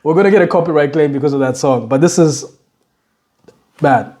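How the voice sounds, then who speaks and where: A man's voice: a little high, brisk, dark tone, slight background noise. Laid-back young man riffing. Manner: mocking, laughing, slangy asides. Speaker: commentator reacting to news clips. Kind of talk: casual reaction commentary.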